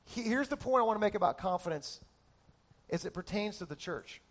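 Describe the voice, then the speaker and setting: Pastor guy preaching, high voice, lively and jokey, punches up his lists. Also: a little fast. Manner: animated, builds emphasis with lists and jokes. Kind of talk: sermon. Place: church.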